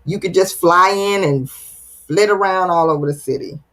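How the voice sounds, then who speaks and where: A woman with a fairly bright, lowish voice talks at a normal pace while hosting a casual livestream. She reads out viewer comments in a playful, teasing and dramatic way.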